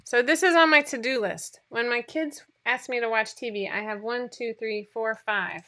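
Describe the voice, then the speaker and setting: A woman's voice: on the high side, moderate pace, bright, forceful tone. A woman hosting a casual livestream, chatting, rambling and laughing at herself as she reads viewer comments. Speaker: sewing pattern designer hosting a livestream.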